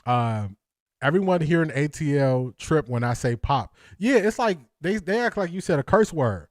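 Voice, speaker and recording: Guy from ohio chatting on a stream, keeps laughing and repeating himself, slightly high voice, dry sound. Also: animated, normal speed, dry recording. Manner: laughs often, repeats lines for effect. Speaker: sports talk livestream host reading chat. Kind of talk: casual livestream chat.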